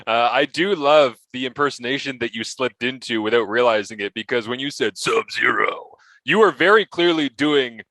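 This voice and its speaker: A male host with a bright, forceful voice, recorded dry and close with no room echo. He chats with an enthusiastic, talkative energy. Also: mid-range voice, fairly quick, few pauses. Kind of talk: casual chat.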